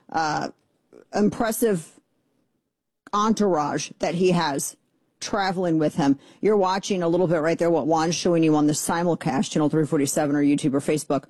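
A middle-aged woman hosting a political talk radio show, sarcastic and exasperated with quick asides. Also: on the low side, a little mellow, no room sound.

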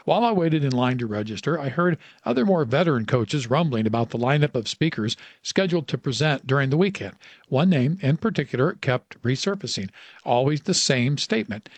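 A man reading a story in a measured, reflective way as narrator. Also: mid-range voice, lively intonation, no echo. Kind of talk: scripted narration.

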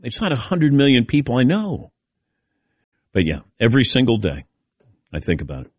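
A man's voice: mid-range voice, huge pitch swings, moderate pace, slightly rough, no echo, clean studio sound. A middle-aged man hosting a call-in radio show, chatting casually in a rambling, self-deprecating way.

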